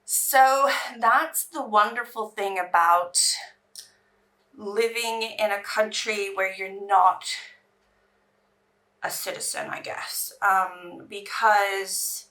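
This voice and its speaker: A woman's voice: medium pitch, fairly even intonation, takes it slowly, sharp tone, far from the mic. A woman from England, chatting in a rambling way while doing her makeup on camera. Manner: chatty, rambling, restarts sentences. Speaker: beauty vlogger.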